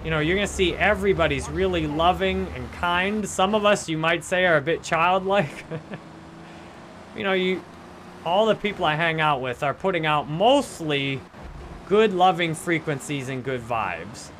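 A man's voice: on the high side, moderate pace, a bit bright, a little hiss or hum. A middle-aged man hosting a podcast, talking earnestly and cheerfully about positive living, laughing often and acting out complainers. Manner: earnest, upbeat, laughs often, acts out complainers in mock voices. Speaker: podcast host and life coach. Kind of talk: casual motivational monologue.

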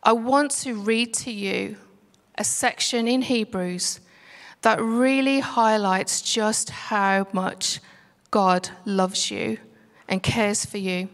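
A woman's voice: medium pitch, creaky. Earnest woman preaching in a hall. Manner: earnest, measured, slows for emphasis. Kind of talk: sermon. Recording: music under voice, long reverb.

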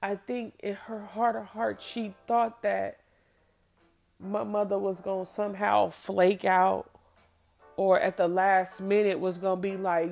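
Woman, gravelly voice, blunt, profane, personal storytelling, faint music behind. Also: medium pitch, flat delivery, a little slow, darkish tone.

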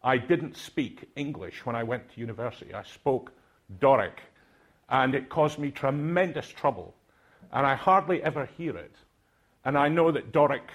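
Older Scottish man, husky, mid-pitched, hesitant conference speaker. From Aberdeen, Scotland. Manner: hesitant, many filler sounds and restarts. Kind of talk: reflective speech to a conference audience.

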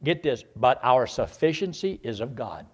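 An older man preaching a sermon. He drops to quiet asides, then climbs into loud, shouted runs. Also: medium pitch, big pitch swings, moderate pace, breathy edge.

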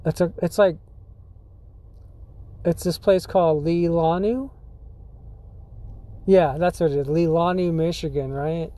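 Rambling high-voiced podcast guy. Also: fairly even intonation, measured pace, pauses often, mellow. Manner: rambling, full of likes, dudes and swearing; laughs often. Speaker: podcast host. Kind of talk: casual storytelling.

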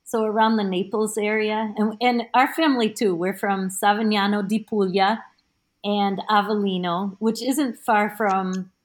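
A woman guest on a podcast, a teacher, chatting and explaining in a halting way with many restarts, heard over a remote call. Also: medium pitch, fairly even intonation. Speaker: guest, teacher of Italian studies. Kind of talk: casual podcast chat.

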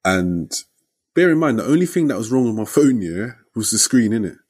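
A young man telling a story in casual chat, lively and slangy, ending lines with "innit" and "yeah". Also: on the low side, a little fast, husky.

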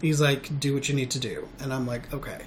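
A man hosting a podcast, talking candidly in a casual chat, halting and restarting often. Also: mid-range voice, little pitch movement, slight background noise. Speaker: podcast host.

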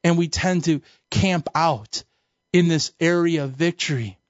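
With a fairly high pitch and measured delivery, a man teaches a Bible lesson in sermon style. His manner is colloquial and emphatic, full of storytelling, captured on a dull, dry recording.

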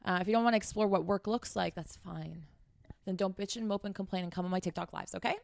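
A woman's voice: medium pitch, fast, gravelly, no echo, studio quality. A woman hosting a podcast, giving blunt, profane dating advice and scolding her listeners. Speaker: podcast host.

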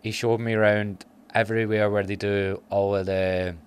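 A Scottish man hosts a casual podcast chat, swearing freely and laughing through his stories. His voice sits fairly low. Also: flat delivery, normal speed, smooth. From Scotland. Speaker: podcast host.

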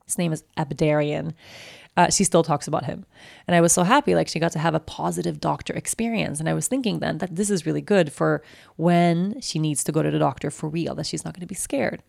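A woman with a low voice and heavy vocal fry tells an anxious personal story. She rambles and restarts her sentences often. The recording is dry and close. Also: brisk, a little mellow, dry recording. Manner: anxious and shaken.

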